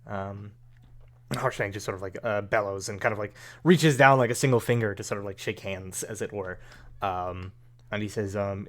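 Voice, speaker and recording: A man's voice: on the low side, normal speed. A man narrating as game master of a tabletop game, hesitant and full of fillers as he talks.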